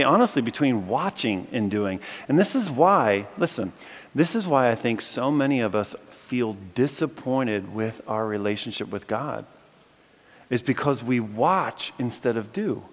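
A male preacher in a reverberant hall. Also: medium pitch. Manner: animated, bursts of excitement when telling stories; conversational, with many fillers and restarts. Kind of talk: storytelling sermon to a live audience. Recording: long reverb from a large hall.

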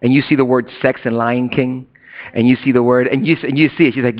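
Male pastor, middle-aged, sermon, conversational, loud-to-hushed swings, muffled lo-fi sound. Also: a little high, fast talker. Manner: casual slang and asides to the congregation. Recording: dull lo-fi recording.

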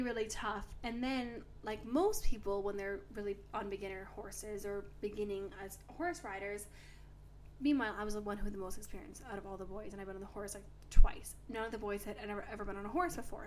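A woman's voice: mid-range voice, steady tone, a little fast. Young woman, podcast co-host, casual storytelling, lots of fillers, faint background hiss. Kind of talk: casual chat.

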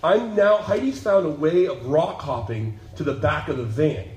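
Man, pastor, lively sermon storyteller, slightly high voice, roomy echo, getting over a cold. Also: normal speed. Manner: animated storyteller, acts out voices. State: lingering cold, coughing. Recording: echoey room.

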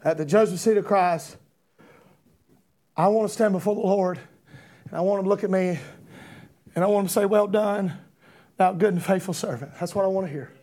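A man preaching an impassioned sermon, repeating rhetorical questions and building to shouts. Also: high-pitched, fairly even intonation, brisk, pauses often.

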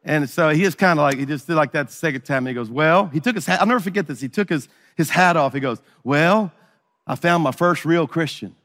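A man's voice: on the high side, fast, few pauses, a bit bright, big-room sound. A middle-aged man preaching a sermon, telling a story and acting out the dialogue. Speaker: pastor.

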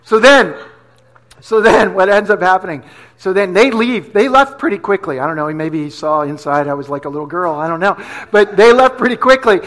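A man's voice: high voice, animated, fairly quick, fairly bright tone. A middle-aged man from New Jersey preaching a sermon in a conversational, storytelling way, often asking "right?". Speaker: pastor.

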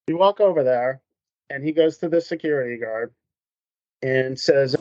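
A man guest on a business podcast, telling stories in an animated, conversational way and acting out what people said. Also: mid-range voice, moderate pace, long pauses, dry recording, lo-fi sound. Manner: animated storyteller, acts out quotes. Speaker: podcast guest, MSP consultant. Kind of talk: conversational interview storytelling.

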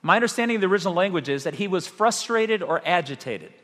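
A male pastor preaching a sermon, animated, with rhetorical questions and dramatic pauses. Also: sits high, in a large hall.

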